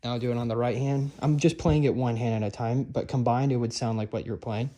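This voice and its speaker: A young man gives a relaxed drumline lesson in a loose, rambling way, stopping and restarting his thoughts. He is captured on a camera mic, and a steady hiss of room noise sits under his voice. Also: mid-range voice, fast talker. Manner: loose and chatty, many fillers and restarts. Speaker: drumline instructor. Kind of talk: casual instructional talk. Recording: noisy room recording.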